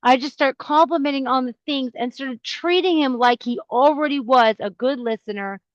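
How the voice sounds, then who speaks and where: A woman, a podcast host, talking casually in a chatty, animated way with many fillers and restarts. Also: high-pitched, no room sound. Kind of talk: casual monologue. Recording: dull lo-fi sound.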